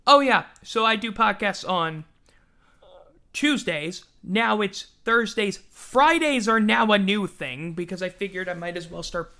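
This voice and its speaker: A man's voice: high-pitched, animated, a little slow, sharp tone, smooth. A man hosting a casual sports livestream, rambling and self-mocking, yawning now and then as he talks. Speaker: podcast host.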